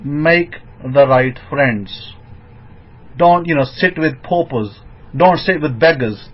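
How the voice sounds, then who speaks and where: A man giving an informal sermon as a rabbi, emphatic and rising into excited bursts. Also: fairly high pitch, slow pace. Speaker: rabbi teaching. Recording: dull lo-fi recording.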